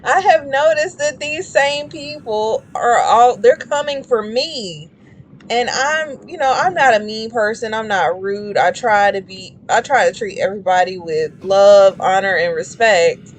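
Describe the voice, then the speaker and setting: A woman's voice: on the high side, unhurried, a little hiss or hum. A woman chatting casually while streaming a game, rambling and shrieking when startled. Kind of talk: casual gameplay commentary.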